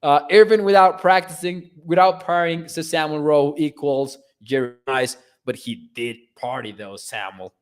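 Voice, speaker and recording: A man hosting a sports podcast, chatting casually and reading viewer comments with frequent laughs and shout-outs. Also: fairly high pitch, moderate pace, hardly any pauses. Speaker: podcast host. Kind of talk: casual live-stream chat reading comments.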